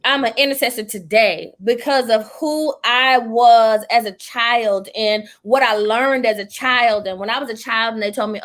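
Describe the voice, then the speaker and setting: A young woman preacher in casual chat, telling stories in an animated, emotional way with church expressions. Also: fairly high pitch, fairly quick. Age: young adult. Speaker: preacher and podcast host.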